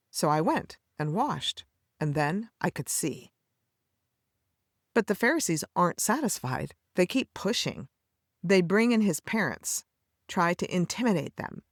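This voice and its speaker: A woman with a lowish voice delivers a scripted devotional teaching, her pitch rising and falling widely as she tells the story. She speaks to the listener tenderly, like a close friend. The sound is dry and close, with no room around it. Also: no room sound. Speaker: podcast host.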